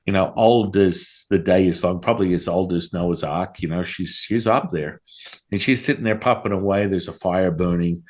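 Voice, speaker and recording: A middle-aged man telling a story in a casual interview, animated and profane, acting out his own side of the dialogue. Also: deep voice, normal speed. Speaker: guest, Taoist priest.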